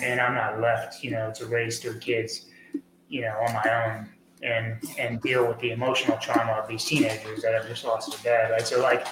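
A man talking as a podcast guest, earnest and rambling, with many fillers, getting lively when he tells stories. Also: mid-range voice. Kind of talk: conversational interview. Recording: echoey room with faint noise.

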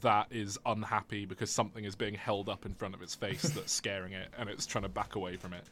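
Low-voiced man telling rambling anecdotes. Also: little pitch movement, quick pace, a bit bright, a little hiss or hum. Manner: rambling, anecdotal, self-mocking. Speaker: podcast co-host. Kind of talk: casual film review chat.

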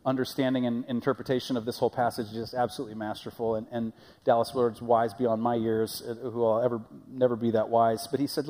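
Recorded with the long reverb of a church hall, a male pastor preaches quickly and conversationally, frequently asking his congregation questions. He has a medium pitch with little movement and a darkish tone.

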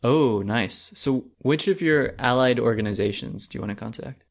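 Deadpan teasing game master man. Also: medium pitch, normal speed, creaky. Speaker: dungeon master. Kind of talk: casual tabletop game narration.

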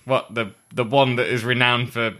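Speaking at normal speed with a medium-pitched voice, a man co-hosting a podcast chats casually. He tells stories animatedly, full of laughter.

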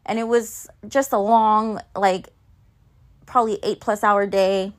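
A woman's voice: mid-range voice, fairly even intonation, slow pace. A woman telling a candid, chatty story in a casual vlog, swearing freely. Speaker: vlogger and mom.

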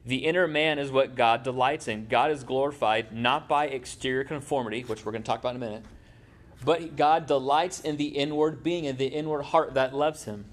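A pastor preaches briskly from a church sanctuary, keeping things relaxed and slipping jokes in for the congregation. His voice is mid-pitched for a man.

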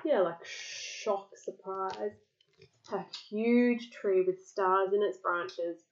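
A woman reading a picture book aloud to a child, lively, pausing to explain words and answer questions. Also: mid-range voice, muffled recording.

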